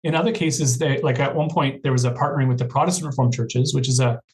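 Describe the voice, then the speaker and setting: A man's voice: medium pitch, steady tone, fast talker, darkish tone, rough recording. A man, a guest professor, talking earnestly in a podcast interview with many restarts.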